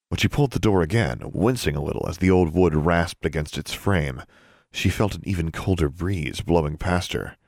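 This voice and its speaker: A man narrating a fantasy audiobook in a measured, suspenseful storytelling manner. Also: low voice, vocal fry, darkish tone, no echo, clean studio sound.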